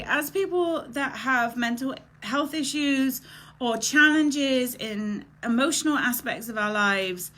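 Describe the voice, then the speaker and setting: A woman's voice: on the high side, bright, forceful tone. A woman in her thirties from Canada hosting a casual live stream, chatty and emotional, greeting viewers by name and often close to tears. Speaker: live show host.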